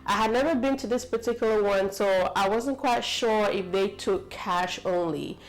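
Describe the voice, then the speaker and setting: A woman's voice: medium pitch, moderate pace, soft background music, poor audio. A woman from the United States telling a story to camera in a chatty, rambling way, full of fillers and asides. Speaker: vlogger.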